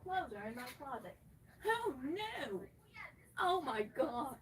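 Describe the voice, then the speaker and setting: A woman's voice: high-pitched, very animated, slow, distant mic, slight background noise. A woman live streamer ranting at her chat from her bedroom, sarcastic and swearing constantly. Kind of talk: angry rant to chat. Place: her bedroom, moving around.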